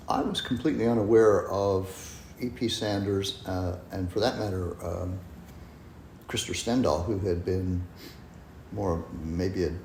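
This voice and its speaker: A man being interviewed as a guest scholar, speaking in a measured, hesitant way with many pauses and ums. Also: on the low side, darkish tone. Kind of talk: podcast interview. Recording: echoey room with faint noise.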